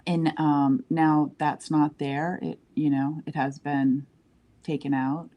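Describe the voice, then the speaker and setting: Slow low-voiced woman, hesitant. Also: level tone, warm tone. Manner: searching, hesitant, many pauses and fillers. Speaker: participant giving an intuitive reading. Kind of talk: casual intuitive reading on a live stream.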